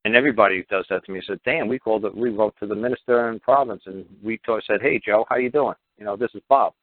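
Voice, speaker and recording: A man's voice: on the low side, fast, no echo. A man talking as a guest on call-in radio, rambling and profane, who keeps acting out the people in his stories. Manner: profane, rambling, acts out quoted dialogue. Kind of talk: call-in talk radio monologue. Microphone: telephone. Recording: tinny dry phone line.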